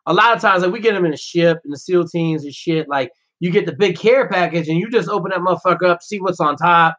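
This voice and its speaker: A man, a former Navy SEAL guest on a podcast, telling rough, profane stories in casual talk and acting out the voices of the people in them. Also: high voice, quick pace, a bit bright, dull audio. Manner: brash, swearing, acts out quoted voices.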